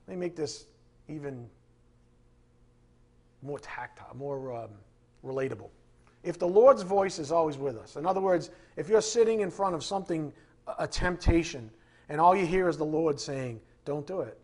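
A man's voice: a little high, a little mellow. A man preaching a sermon as pastor, emphatic and driving his points home, with joking asides to the congregation.

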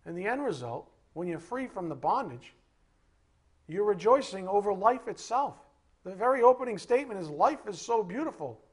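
A man giving a sermon as a Bible teacher, animated, asking rhetorical questions and acting out little scenes. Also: high voice, normal speed, husky.

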